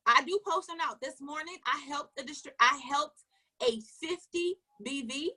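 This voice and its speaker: A woman giving an emphatic motivational coaching talk, firing questions at her listeners, repeating key phrases and dropping into low asides. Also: normal speed, bright, forceful tone. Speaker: network marketing coach.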